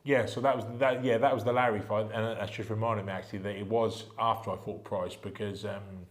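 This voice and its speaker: Fast low male guest, middle-aged, from England, lively anecdotes. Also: roomy sound. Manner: animated anecdotes, acts out quoted voices. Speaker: retired boxer, podcast guest. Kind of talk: casual storytelling chat.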